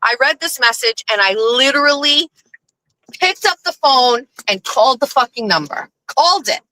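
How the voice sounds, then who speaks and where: A woman's voice: sits high, expressive, moderate pace, bright, forceful tone, rough recording. A woman hosting her own show, telling a story in a casual, profane and exasperated rant. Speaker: show host. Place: outdoors, on her pool deck.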